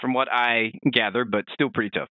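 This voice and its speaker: A man co-hosting a casual podcast, chatting in an animated way with many fillers and restarts. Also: mid-range voice, brisk, no room sound, narrow, tinny audio. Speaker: podcast co-host.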